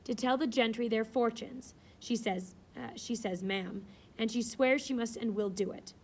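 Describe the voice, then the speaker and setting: A woman's voice: fairly high pitch, moderate pace, natural voice. A woman voicing a deferential male footman. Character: nervous male servant footman.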